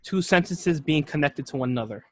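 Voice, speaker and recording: A man's voice: a little high, expressive, fairly quick, fairly bright tone, dry recording. A male teacher giving a classroom lecture, patient and explanatory, repeating key points and checking that students follow. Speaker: Arabic teacher.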